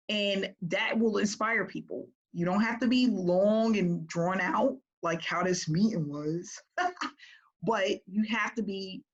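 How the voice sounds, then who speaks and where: A woman business coach talking to her group in a casual, energetic way, often checking in with "right?". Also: medium pitch, dull audio.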